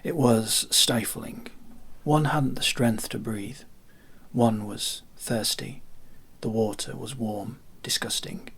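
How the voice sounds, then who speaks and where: A man reading a classic short story aloud in calm, hushed narration that often drops to a half whisper. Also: medium pitch, slow, slightly rough. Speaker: reader.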